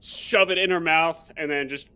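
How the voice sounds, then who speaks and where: A man's voice: fairly high pitch, fairly even intonation, normal speed, sharp tone, clear, resonant tone. A man playing a tabletop game, rambling through his character's actions with many fillers. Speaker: player. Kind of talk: casual tabletop play.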